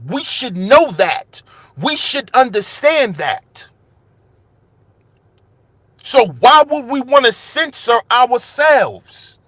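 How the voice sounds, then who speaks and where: Man, high lively voice, bright tone, passionate rant, repeated phrases, dry close sound. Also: no echo. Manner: preachy, repeats phrases, rhetorical questions; raises his voice with passion. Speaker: commentary channel host. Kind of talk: impassioned monologue.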